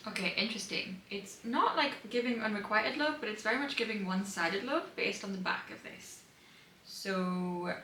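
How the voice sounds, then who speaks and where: A young woman chats about her reading in a casual vlog, gushing and excitable and full of fillers. Her voice is bright and forceful. She sits back from the mic in a roomy, echoey room. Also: medium pitch. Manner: chatty and gushing, many fillers, excitable outbursts. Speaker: book vlogger. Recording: roomy sound from a distant mic.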